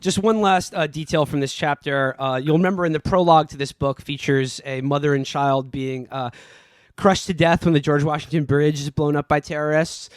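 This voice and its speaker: A man's voice: fairly high pitch, steady tone, normal speed, no echo. Man mock-reading a thriller aloud. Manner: mocking dramatic reading, breaking into laughter. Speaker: podcast co-host. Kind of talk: reading a novel aloud for laughs.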